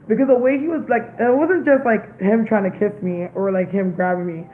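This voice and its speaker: A woman's voice: mid-range voice, fast. Young woman vlogger, casual storytelling, blunt and cursing, tinny lo-fi audio. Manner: blunt, profane, emphatic. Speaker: psychic medium vlogger. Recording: tinny phone-like sound, faint hiss.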